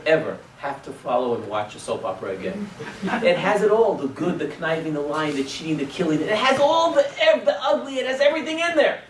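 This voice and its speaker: A male rabbi teaching a class as animated storytelling. He swings between loud exclamations and hushed asides and drops in Hebrew and Yiddish words. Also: a little high. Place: synagogue classroom. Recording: echoey room, distant mic, faint noise.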